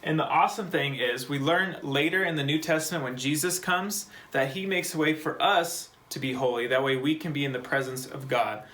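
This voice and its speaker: A man's voice: a little high, a bit bright, poor audio. A man teaching a short Bible Hebrew lesson for a church kids' program, explaining word by word in a patient, step-by-step way. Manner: patient, slow, spells out words.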